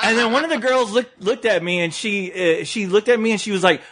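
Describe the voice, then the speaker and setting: Male co-host, high, bright voice, animated comic storyteller who keeps laughing. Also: a little fast, few pauses. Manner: animated, laughs often through his own story. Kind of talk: comic storytelling in casual chat.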